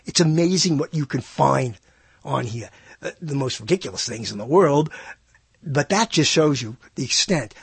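A man with a husky, fairly high voice hosts a radio show and rambles through a story. His pitch leaps around animatedly as he goes. The recording is dry and close. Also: no echo. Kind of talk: rambling monologue.

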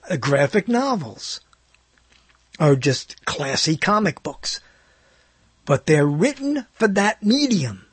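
A man's voice: high voice, husky, dry recording. A man hosting his own talk show, rambling through a casual monologue with many self-interruptions and wry asides. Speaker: host.

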